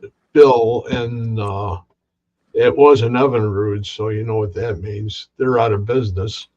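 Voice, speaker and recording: Low-voiced man on a dull line. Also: fairly even intonation, darkish tone. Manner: halting, with frequent restarts. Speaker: interviewer. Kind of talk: casual remote interview.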